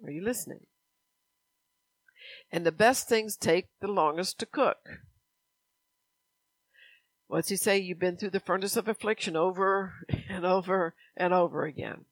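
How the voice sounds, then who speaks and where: A woman's voice: on the low side, a little slow, long pauses, no echo, rough recording. Woman preaching a conversational sermon. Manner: conversational preaching with scripture reading and anecdotes.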